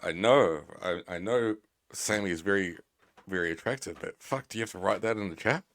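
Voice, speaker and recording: A man's voice: low voice, brisk, a bit bright. A man casually chatting with his stream audience in a rambling, sweary, teasing way. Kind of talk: casual live-stream chat.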